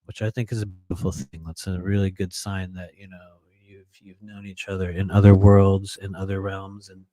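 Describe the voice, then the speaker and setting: A man telling a long personal story in a casual monologue, rambling and filling pauses with "you know" and frequent laughs. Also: fairly low pitch, fairly even intonation, a little mellow, dry recording. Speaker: podcast host telling a story.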